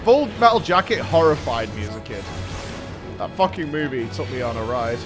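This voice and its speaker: A man's voice: mid-range voice, sing-song, moderate pace, over music. A man streaming a game, chatting casually, joking, swearing and laughing at himself.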